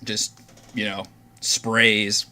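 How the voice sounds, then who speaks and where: A man narrating as game master of a tabletop game, describing scenes slowly and deliberately. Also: lowish voice, flat delivery, pushed and bright.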